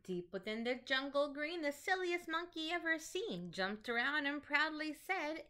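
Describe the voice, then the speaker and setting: Animated, sing-song woman teacher reading aloud. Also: sits high, a little slow, few pauses. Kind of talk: reading picture books aloud to children.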